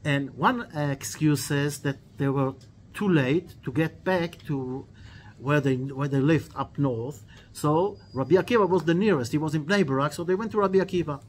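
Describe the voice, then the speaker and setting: A man teaching a weekly religious lesson, telling stories in an animated way with quoted dialogue, earnest, and repeating key phrases. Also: on the high side, normal speed, slight background noise. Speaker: Torah teacher.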